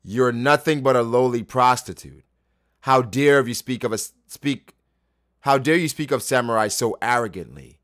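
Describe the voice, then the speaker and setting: A man reading a manga aloud and voicing a paranoid, boastful shogun who shouts indignantly. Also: medium pitch, moderate pace, no echo, studio quality, natural voice. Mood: angry shouting.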